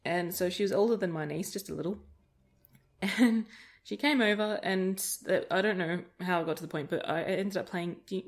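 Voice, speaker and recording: A woman's voice: lowish voice, a little fast. A woman chatting casually while playing a game, rambling through stories and laughing often. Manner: rambling anecdotes with frequent laughter. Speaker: gaming video creator. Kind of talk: casual let's-play chat.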